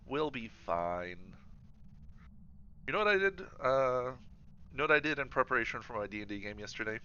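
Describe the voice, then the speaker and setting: A man's voice: mid-range voice, lively intonation, normal speed, pauses often, pushed and bright, clear, resonant tone. A man streaming a game, chatting casually and rambling with many fillers and restarts. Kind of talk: casual chat while gaming. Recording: slightly dull livestream audio.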